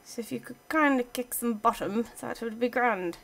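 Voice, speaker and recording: A woman's voice: fairly high pitch, moderate pace, vocal fry. A woman giving casual let's-play commentary, chatting playfully to her game units as she plays. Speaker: gaming channel host.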